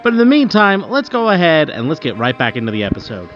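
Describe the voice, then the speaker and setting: A man's voice: fairly high pitch, wildly swooping pitch, fast, muffled recording, faint music behind. A man hosting the show, thanking listeners in an upbeat, chatty way. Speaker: show host.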